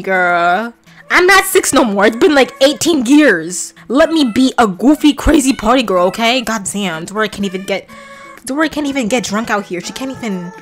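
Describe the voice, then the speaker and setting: A young woman reacting loudly while playing a game, laughing and shrieking in playful shock. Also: a little high. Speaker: gaming vlogger.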